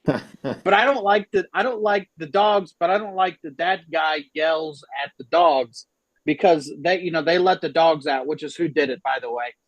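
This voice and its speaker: A man's voice: fairly high pitch, moderate pace, no echo, dull audio. A man in his thirties doing a chatty, self-deprecating stand-up set from home on a video call, often laughing at his own jokes. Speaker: stand-up comedian. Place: home room, a former salon.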